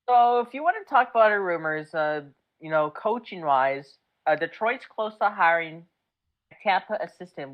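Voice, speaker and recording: A young woman co-hosting a podcast, trading quick teasing banter in a casual sports chat. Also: low voice. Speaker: podcast co-host. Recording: dull lo-fi mic.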